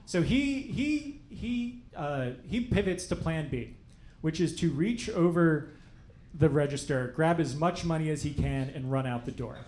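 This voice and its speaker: A young man doing stand-up, telling a story in a dry, wry, deadpan way to a live audience. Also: fairly high pitch, measured pace. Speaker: stand-up comedian. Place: comedy club stage before a laughing audience. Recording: roomy live club sound, faint crowd noise.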